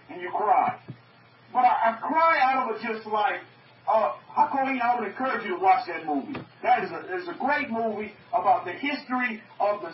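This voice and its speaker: A North American man with a voice that sits high preaches emphatically to an online group, repeating phrases and putting questions to his listeners. The recording is muffled, echoey, and distant, with slight background noise.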